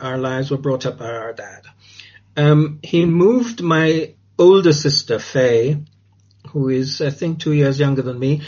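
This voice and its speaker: An older man from Jamaica, reminiscing thoughtfully and unhurriedly about his childhood, with frequent restarts and pauses. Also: fairly high pitch, darkish tone. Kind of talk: reflective oral-history recollection. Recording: dull lo-fi recording.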